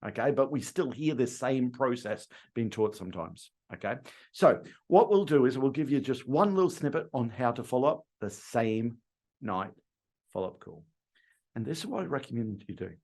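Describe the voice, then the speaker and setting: Speaking at a moderate pace in a mid-range voice, a middle-aged man from Australia gives a training talk for car salespeople. He animatedly acts out customer phone calls, voicing the dialogue in quotes.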